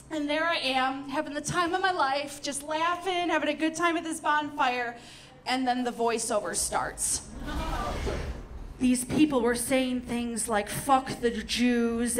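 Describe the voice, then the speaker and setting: Woman, young, stand-up comic, sarcastic storyteller, high voice. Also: slight background noise. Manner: animated storytelling with sarcastic asides. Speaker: stand-up comedian. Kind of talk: stand-up comedy set.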